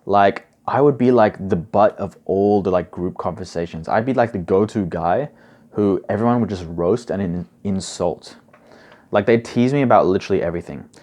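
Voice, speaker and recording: A man's voice: fairly low pitch, darkish tone. A young man giving casual advice as a coach, chatty and full of "like" and "bro". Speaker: study coach.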